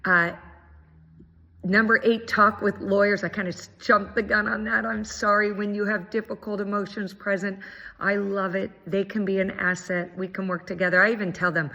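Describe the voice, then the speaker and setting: A woman's voice: mid-range voice, moderate pace, vocal fry, a bit bright. Earnest woman mediator, lo-fi echoey audio. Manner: earnest, encouraging, with many ums. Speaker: mediator giving a training talk. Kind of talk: prerecorded presentation. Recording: dull, lo-fi audio with long reverb.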